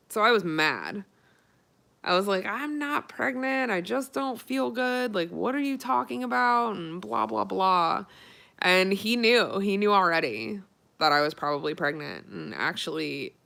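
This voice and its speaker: Young woman, casual vlog storytelling, lowish voice, unhurried pace, chatty with lots of "like". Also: bright, forceful tone. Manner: chatty, peppered with "like", emotional retelling. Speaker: vlogger.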